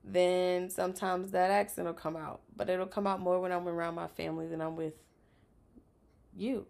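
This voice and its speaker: A woman from South Louisiana hosting a podcast in casual chat, candid and quick to laugh, swearing freely. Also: fairly low pitch, flat delivery, creaky, darkish tone. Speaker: podcast host.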